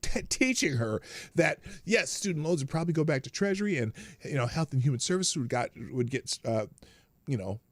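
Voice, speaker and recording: A man hosting a live stream, telling a story in a casual, animated way, acting out the other people's lines and laughing often. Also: on the high side, fairly quick, dry recording. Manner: animated, acts out quoted voices, laughs often. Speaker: livestream host.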